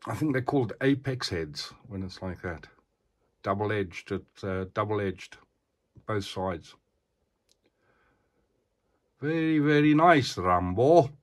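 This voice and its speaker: In a casual show-and-tell vlog, a collector with a fairly low voice takes his time showing off an action figure. He chats easily and frequently asks the viewer "eh?"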